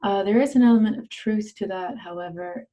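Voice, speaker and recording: A woman from Brooklyn, a guest on a video chat, speaking in a deliberate and earnest way. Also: mid-range voice, dark tone, poor audio.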